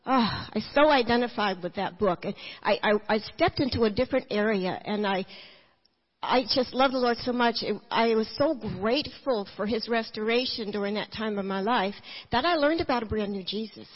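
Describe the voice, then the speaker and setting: A woman's voice: fairly high pitch, moderate pace, slightly rough, long reverb tail, muffled recording. A woman telling her personal testimony in church, earnest and full of restarts. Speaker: testimony speaker.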